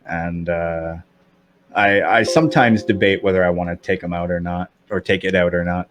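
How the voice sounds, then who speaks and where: A man's voice: low voice, steady tone, normal speed, noisy background. A man in his thirties with a slight lisp, chatting candidly as a podcast guest, with many fillers and restarts. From Canada. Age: 30s. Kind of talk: casual chat.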